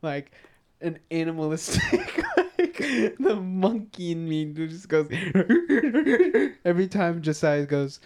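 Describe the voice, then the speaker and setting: A young man co-hosting a podcast, telling stories in a rambling, animated way with lots of fillers. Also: on the high side, takes it slowly. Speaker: podcast co-host. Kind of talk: casual chat.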